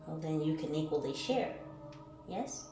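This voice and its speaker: A woman giving a spiritual card reading who swings between calm, musing questions and loud, fired-up exclaiming, reading affirmations aloud and swearing casually. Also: low-pitched, measured pace. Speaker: tarot reader. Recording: echoey room with faint music behind.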